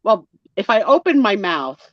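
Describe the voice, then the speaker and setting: A woman's voice: mid-range voice, big pitch swings, moderate pace, no echo. A woman in her sixties with a New Jersey accent, chatting casually and telling family stories while mimicking other people's voices. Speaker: guest storyteller. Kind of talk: casual chat. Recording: muffled lo-fi audio.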